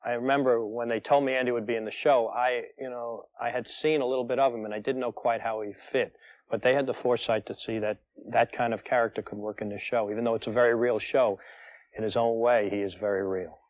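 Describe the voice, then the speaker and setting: A television director reflecting thoughtfully in an interview, in a measured way. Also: male voice, mid-range voice, fairly even intonation, no room sound.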